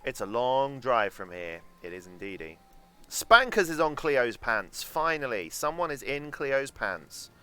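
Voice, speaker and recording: A man's voice: medium pitch, very animated, measured pace, sharp tone, clean tone. A young man with a London accent, chatting casually and swearing freely while streaming a game and answering chat. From England.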